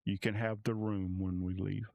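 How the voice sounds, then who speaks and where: A man's voice: lowish voice, level tone, normal speed, gravelly, darkish tone, dry recording, lo-fi sound. A man voicing a stately queen with formal, courtly speech in a tabletop game. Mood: courteous. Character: stately woman queen of a realm, formal and gracious.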